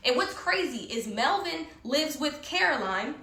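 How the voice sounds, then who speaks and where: A woman telling a story in casual conversation, animated and heated, swearing often, recorded in an echoey room. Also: high-pitched, unhurried, noisy background. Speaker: guest storyteller.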